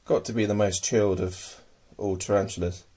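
A man with a fairly low, warm voice and fairly even intonation presents his pet tarantulas at home at a moderate pace in a casual hobby video. Hesitant and full of ums, he murmurs fondly to his pets.

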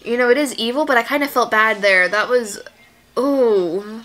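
A woman's voice: a little high, fast talker, pushed and bright. A woman giving casual commentary as she reacts to a movie, exclaiming and gasping at the screen, anxious and near tears for the characters.

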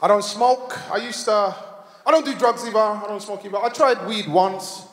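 A man's voice: high-pitched, moderate pace. A man performing a stand-up comedy set, telling stories with laughter and putting on voices. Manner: storytelling with laughs and put-on voices. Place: large hall on stage. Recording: echoey hall with long reverb.

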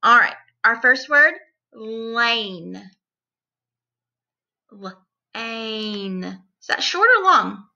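A woman teacher giving a distance-learning phonics lesson to young children, repeating each word and sounding it out deliberately. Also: sits high, big pitch swings, creaky, sharp tone, dull audio.

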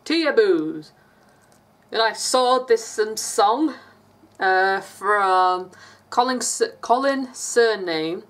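A woman's voice: medium pitch, expressive, drawn-out words. A woman from England with an English accent, chatting casually in a rambling vlog and laughing often. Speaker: vlogger.

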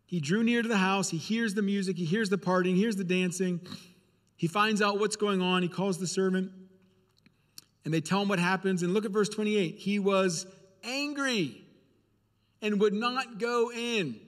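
A man's voice: sits high, fairly even intonation, a little fast, long reverb tail. A male preacher giving a sermon in a church, speaking earnestly and repeating phrases for emphasis.

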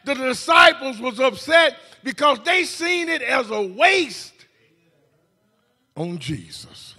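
A male preacher with a very high, bright voice and a husky edge delivers a sermon in a church. He shouts in bursts, stumbles over repeated words and keeps calling out to the congregation. His pitch swings widely from line to line. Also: sing-song, slow pace. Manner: calls "hello, somebody" to the congregation. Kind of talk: Mother's Day sermon. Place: church sanctuary.

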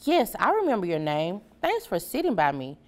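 A woman voicing a shy young schoolboy who speaks softly and politely. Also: medium pitch, huge pitch swings, moderate pace. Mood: subdued.

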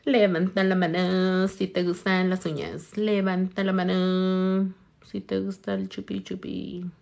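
A young woman with a mid-range, darkish voice, level tone, and vocal fry chats at a moderate pace while doing her nails on camera. This nail artist's casual vlog is chatty and profane; she talks to herself and her hands and drops in Spanish phrases.

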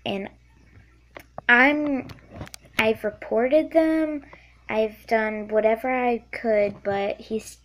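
A woman's voice: on the high side, slight background noise. A young woman chatting casually in a question-and-answer vlog, rambling with plenty of ums.

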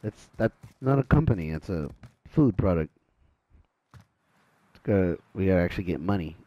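An excitable man commentating a gaming match from home. His voice swings widely in pitch as he reacts to plays. The sound is dry and close, with no room around it. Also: moderate pace, no echo. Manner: excitable, loud exclamations at plays. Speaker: game commentator.

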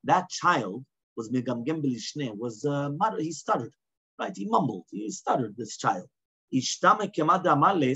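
In a dull, lo-fi class recording, a man with a medium-pitched, slightly rough and a bit bright voice teaches a casual Talmud class. He reads lines of Aramaic, explains them in plain English, and often checks in with "right?".

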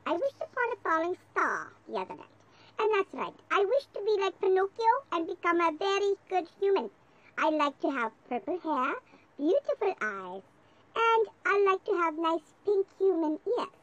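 A performer voicing a lovesick little creature who wishes to become human, in a high whiny put-on voice. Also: sing-song, normal speed, a bit bright, muffled recording, exaggerated voice. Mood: eager. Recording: noisy home video recording.

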